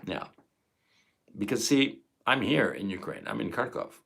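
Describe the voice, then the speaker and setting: A man's voice: on the low side, big pitch swings, measured pace, creaky, fairly bright tone, breathy edge. A man in his fifties ranting on a live stream, emotional and profane. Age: 50s. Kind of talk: angry live stream monologue.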